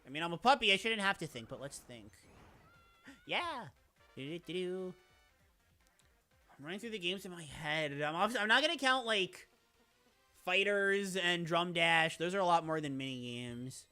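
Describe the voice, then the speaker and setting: A playful male streamer chats with his viewers in a high, bright voice. His pitch swoops all over as he rambles, restarts and reads out chat. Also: lively intonation, normal speed, long pauses, soft background music. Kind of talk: casual live-stream chat.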